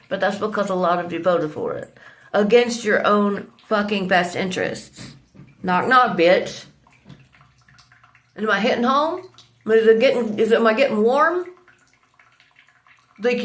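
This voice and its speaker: A woman's voice: a little high, fairly bright tone. A woman delivering an angry, profane rant, accusing people around her. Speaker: vlogger.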